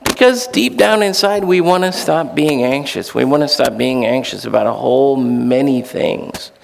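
A man's voice: mid-range voice, moderate pace, vocal fry, big-room sound. A male pastor preaching a sermon in a conversational, storytelling way, with fillers.

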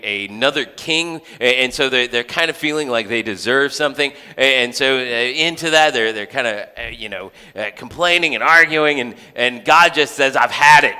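A man's voice: mid-range voice, sharp tone, clear, resonant tone. A man preaching a sermon as a pastor in a church, conversational, with joking asides and frequent restarts. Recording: long hall reverb.

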